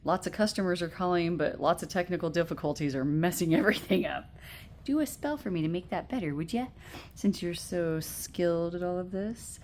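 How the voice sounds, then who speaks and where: A woman's voice: fairly low pitch, a little fast, darkish tone, slight background noise. A woman in her thirties giving a casual pick-a-card tarot reading at home into earbuds, chatty and rambling, with frequent laughs and fillers. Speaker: tarot reader.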